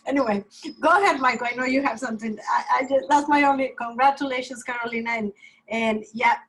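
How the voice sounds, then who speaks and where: A woman team leader telling an animated story on a video call, acting out the lines of others. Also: high-pitched, a little fast, husky, rough recording.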